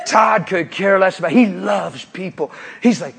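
A man preaching a sermon, telling a story with acted-out voices, moving between hushed tones and shouts. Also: sits high, fairly quick, gravelly, few pauses, breathy edge. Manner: animated, acts out voices, swings from hushed to shouting.

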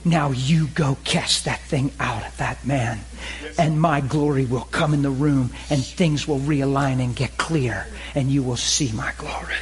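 A man voicing God as a stern, commanding male presence, speaking in a slow, solemn near-whisper. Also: medium pitch, close to an everyday voice. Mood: stern, hushed.

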